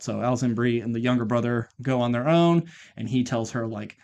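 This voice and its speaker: A man's voice: mid-range voice, normal speed, darkish tone. A man co-hosting a podcast, casually retelling a movie plot in a rambling way, swearing and acting out the characters' lines. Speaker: podcast co-host. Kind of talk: casual film recap chat.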